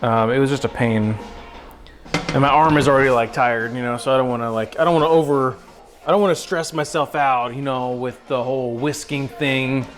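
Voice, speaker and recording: A man's voice: medium pitch, steady tone, a little fast, soft background music. A young man hosting a casual cooking livestream, talking while he cooks at the stove, goofy and self-mocking, calling viewers bro and dude.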